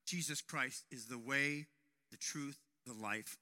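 A man preaching a sermon to young men, telling a personal story and raising his voice to a shout at dramatic moments. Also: medium pitch, slow. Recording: long hall reverb.

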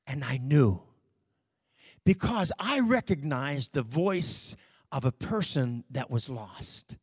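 A man preaching through a personal story at an unhurried, drawn-out pace. His voice is fairly high for a man and has a tight, close, dry sound. He is folksy, with little slips and fillers, and moves between quiet asides and loud bursts. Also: no room sound. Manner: slow, drawn-out storytelling that swings from hushed to loud; folksy, with fillers and self-corrections. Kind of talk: storytelling sermon testimony.

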